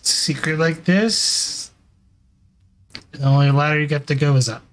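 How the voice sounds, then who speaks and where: Stubborn reporter lady, voiced by a man, slightly high voice, pushes hard. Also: unhurried, lightly acted. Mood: insistent. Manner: pushy, determined questioning. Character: persistent female news reporter, young adult. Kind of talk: tabletop role-play in character.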